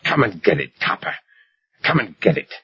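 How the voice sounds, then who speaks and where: A man's voice: mid-range voice, lively intonation, a little slow, creaky, husky, no echo, heavily acted. A man voicing a jittery, vicious junkie gunman who rants and sneers with venom. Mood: menacing whisper. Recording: muffled lo-fi recording.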